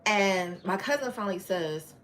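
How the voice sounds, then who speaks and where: A woman's voice: mid-range voice, animated, normal speed, a bit bright, slight background noise. A woman hosting a storytime livestream. She tells her story in an emphatic, frank way and talks straight to her viewers. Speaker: channel host.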